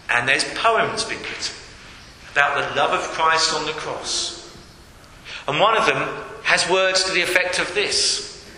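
A man delivers a sermon in a high, piercing voice that rises and falls dramatically. He speaks slowly and hammers his key phrases through repetition. The hall around him rings with a long reverb, with faint noise underneath. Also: pushed and bright. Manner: emphatic, repeats key phrases. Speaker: preacher. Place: church hall.

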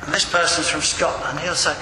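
Older guy preaching, chatty and wry, slightly high voice, roomy echoey church sound. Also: fairly even intonation, a little fast. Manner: conversational, digressing, wry asides. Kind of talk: sermon. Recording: echoey hall with faint room noise.

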